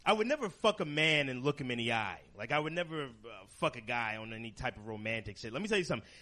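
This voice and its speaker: A man performing a crude stand-up comedy set, deadpan and shocking, jumping into shrill outbursts. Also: fast talker. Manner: crude, deadpan shock humor with sudden high-pitched outbursts.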